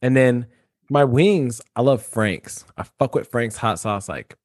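A man's voice: medium pitch, unhurried, a little mellow. A man chatting casually on a podcast, laid-back and slangy, swearing freely. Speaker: podcast co-host. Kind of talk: casual chat.

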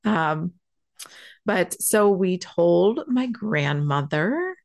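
Young woman, lowish voice, rambling animated storytime, says like a lot. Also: very slow, creaky. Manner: animated, chatty, heavy use of "like". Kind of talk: casual personal storytelling.

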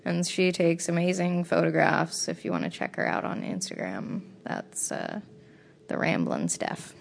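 A young woman telling travel stories on a casual podcast, acting out what people said and swearing freely. Her voice sits a little low and carries a gravelly fry. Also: measured pace, slight background noise. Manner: animated storytelling with quoted dialogue and swearing. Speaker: podcast co-host. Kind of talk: casual chat.

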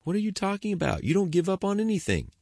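A man's voice: low voice, fast, darkish tone, no room sound, clean studio sound. A man voicing a confrontational, hot-headed young male protester in an audiobook reading. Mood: incredulous. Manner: confrontational, taunting.

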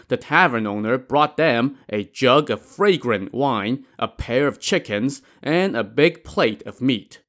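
Male podcast storyteller, wry conversational narration, middle pitch, scripted retelling. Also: fairly bright tone.

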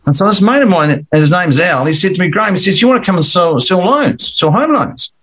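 Aussie guy, middle-aged, chatty and rambly, kinda high voice. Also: lively intonation, fast talker, a bit bright. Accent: Australian. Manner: rambling, repeats words, acts out quoted dialogue. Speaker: commercial finance broker guest. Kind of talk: casual storytelling interview.

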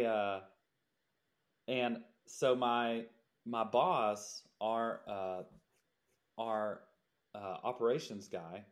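A man's voice: on the low side, a little mellow. Laughing man telling a jobsite story. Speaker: podcast co-host, builder. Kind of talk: storytelling in casual chat.

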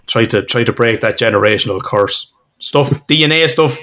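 A man's voice: mid-range voice, a little slow, bright, forceful tone. A middle-aged man co-hosting a podcast with his son, joking, swearing and laughing often. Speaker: podcast co-host, father. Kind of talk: casual chat.

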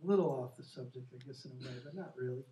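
A fast-talking man with a mid-range voice co-hosts a Christian talk show, earnestly and animatedly telling faith stories and acting out quotes. He sounds distant from the mic in an echoey room.

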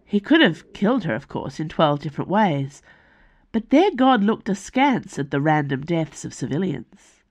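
A woman author reading her own fantasy novel aloud as scripted audiobook narration, measured and deliberate. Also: on the low side, sing-song, a little mellow, dull audio.

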